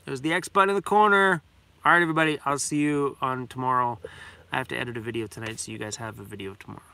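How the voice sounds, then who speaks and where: A man's voice: mid-range voice, fast talker, gravelly, pushed and bright, slight background noise. A man, hosting a casual livestream chat in a rambling, heartfelt way and talking fondly to his dog. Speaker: vlogger host.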